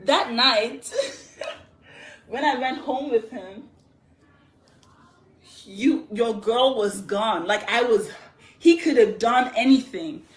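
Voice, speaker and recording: Chatty woman telling a story, high voice. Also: slow, long pauses, a little hiss or hum. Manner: chatty, animated, laughs often. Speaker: livestream host telling a story. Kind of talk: casual live story time.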